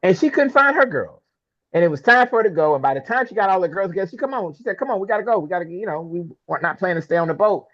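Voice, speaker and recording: A film producer appears as a guest on a podcast interview, telling a personal story in a lively, casual way and acting out the lines of the people involved. His voice is high and very fast, and the audio sounds dull.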